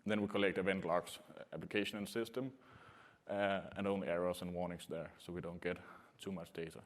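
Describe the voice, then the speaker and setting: A man giving a technical conference talk to a room, speaking in a halting way with many filler sounds. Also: sits low, fairly even intonation. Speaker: conference presenter.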